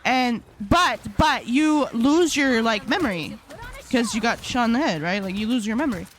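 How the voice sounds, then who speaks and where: A woman's voice: on the high side, animated, normal speed. A young adult woman streaming live, chatting casually with her viewers in a rambling, slangy storytelling way. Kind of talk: casual live-stream chat while gaming.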